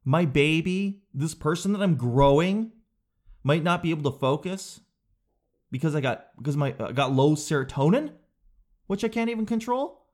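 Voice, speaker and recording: A young adult man, a comedian hosting a podcast, riffing casually and rambling, often slipping into quick exaggerated impressions. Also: on the high side, lively intonation, darkish tone.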